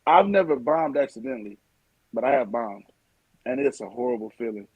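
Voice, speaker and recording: Comic guy, husky voice kinda high, dry close sound, loud laughing swearing stories. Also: lively intonation, a little fast, no room sound, lo-fi sound. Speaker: comedian guest. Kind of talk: casual podcast chat.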